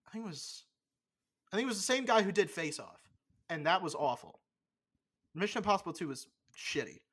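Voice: medium pitch, very animated, a bit bright, husky. Blunt, opinionated young podcast co-host. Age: young adult. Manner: blunt, opinionated, swears freely; loose, halting delivery with many fillers. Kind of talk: casual chat.

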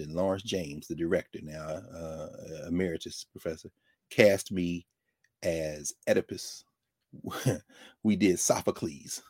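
A middle-aged man hosting, telling a story in a casual, animated way with lots of digressions and self-corrections. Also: lowish voice, no echo, studio quality.

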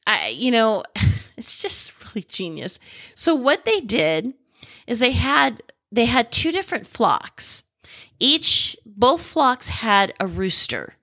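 A middle-aged woman hosts a podcast in an unhurried, drawn-out way, recorded close and dry with no room sound. She rambles with excitement, restarting her sentences as she goes. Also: mid-range voice, no echo. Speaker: podcast host. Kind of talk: casual podcast talk.

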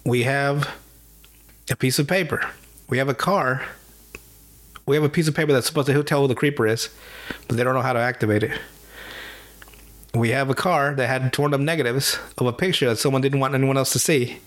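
Retelling the plot of a cartoon, this podcast host keeps the chat loose and full of swearing. He speaks at a medium pitch, slipping into rapid impressions and voices and laughing as he goes.

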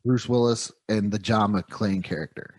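A man's voice: lowish voice, fairly even intonation, normal speed, no echo. A man hosting a casual movie review podcast, rambling enthusiastically about action heroes. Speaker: podcast host.

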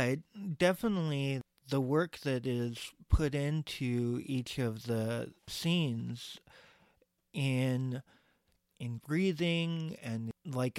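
Male podcast co-host with a smooth, clear voice and an unhurried, reflective delivery. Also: mid-range voice, dry recording. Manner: soft-spoken and reflective, with frequent agreeing murmurs. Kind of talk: casual podcast chat.

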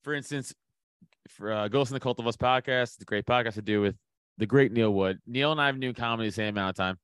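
Profane storytelling comedian, dry close mic. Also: male voice, mid-range voice, quick pace, fairly bright tone, clear, resonant tone, no echo. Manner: profane, storytelling, laughs often. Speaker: comedian guest. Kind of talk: casual podcast chat.

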